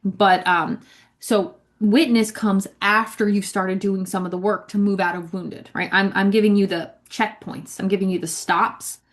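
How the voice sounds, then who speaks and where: Chatty and conversational, a ministry leader delivers a casual spiritual teaching, her mid-range voice steady and her pace normal. She repeats herself and her words, peppering the talk with "like" and frequent check-ins of "right?".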